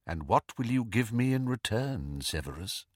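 A man reading an old wizard headmaster in an audiobook, speaking in a measured, cool and deliberate way. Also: on the low side, big pitch swings, husky, no echo, studio quality. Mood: cold. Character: old wizard headmaster, calm, cold, probing.

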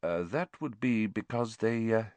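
A man voicing a gentle, weary middle-aged male teacher who speaks softly and hesitantly. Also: fairly low pitch, expressive, a little slow, dry recording. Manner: soft-spoken, hesitant.

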